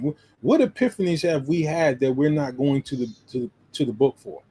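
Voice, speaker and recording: Husky man making emphatic points. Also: a little high, moderate pace, mellow, poor audio. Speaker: podcast co-host. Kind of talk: casual discussion.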